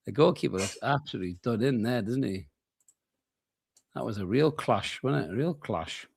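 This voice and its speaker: Co-hosting a late-night football watchalong, this weary man trades laid-back, joking banter and casual swearing about the live match. His mid-range voice is gravelly and a little mellow, with lively intonation and a moderate pace, over a slight hiss or hum.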